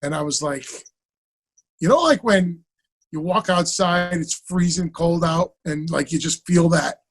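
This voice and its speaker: A man, an actor guest on an interview, telling stories in an animated, casual way and acting out the dialogue. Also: on the high side, unhurried. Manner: animated, acts out quoted dialogue.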